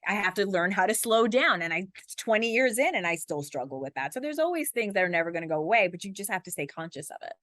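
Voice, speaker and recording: A woman news anchor in her forties, talking fast and animated as an interview guest, acting out little quotes. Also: medium pitch, no room sound, studio quality. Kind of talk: conversational interview.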